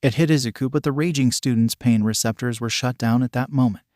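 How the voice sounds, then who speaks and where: A man reading fan fiction aloud as a narrator, in a steady read-aloud delivery. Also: mid-range voice, brisk, no room sound, studio quality. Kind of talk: scripted story narration.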